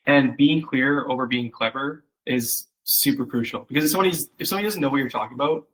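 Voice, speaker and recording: A man with a husky, fairly bright mid-range voice talks fast while critiquing copy one-on-one as a copywriting coach. The session is relaxed and rambling, full of fillers, and he acts out quoted voices. The recording is rough.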